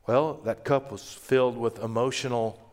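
A man preaching a sermon, moving between loud, emphatic passages and hushed, quiet ones. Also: mid-range voice, steady tone, moderate pace. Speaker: pastor.

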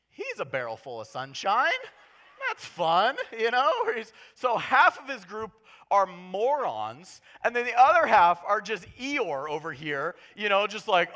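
A man preaching a casual, conversational sermon in an animated, jokey way, swinging between hushed and loud. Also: high-pitched, unhurried.

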